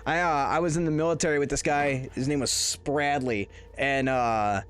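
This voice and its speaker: A man's voice: mid-range voice, steady tone, moderate pace, hardly any pauses, a little hiss or hum. A man streaming a horror game live, rambling and joking as he plays and chatting with his viewers. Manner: rambling, jokey, talks to chat. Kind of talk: casual live-stream commentary.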